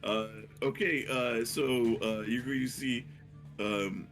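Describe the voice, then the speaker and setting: A man's voice: medium pitch, steady tone, takes it slowly, fairly bright tone, faint music behind. A man narrating as game master, rambling with many fillers and restarts.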